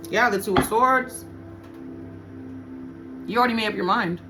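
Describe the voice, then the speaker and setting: A woman's voice: a little high, normal speed, over music. A woman giving a casual tarot reading to her viewers, blunt and profane, often repeating her points for emphasis. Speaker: tarot reader.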